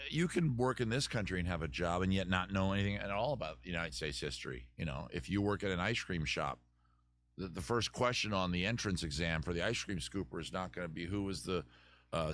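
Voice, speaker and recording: Speaking a little fast in a low, fairly bright voice, a man runs a live advice stream from a room at home where a fire is going. He wanders through the chat's questions, dishing out tongue-in-cheek advice full of tangents.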